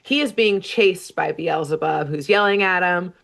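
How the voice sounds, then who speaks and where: A woman's voice: lowish voice, moderate pace, vocal fry. Chatty woman recapping a cartoon. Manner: animated storyteller, acts out character lines. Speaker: podcast co-host recapping a cartoon. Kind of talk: casual podcast chat.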